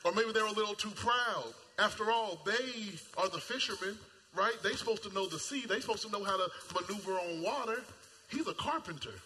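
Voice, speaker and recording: Animated high-voiced preacher in a reverberant hall. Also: male voice, a little fast, slight background noise. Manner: animated, acts out voices, shouts at peaks; casual colloquial speech. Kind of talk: sermon. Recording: long hall reverb, faint ambience.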